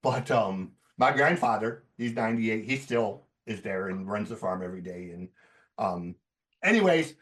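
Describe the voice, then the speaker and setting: A man telling stories on a podcast in a casual, profane, animated way. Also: on the low side, normal speed, far from the mic. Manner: profane, animated storyteller who laughs as he talks.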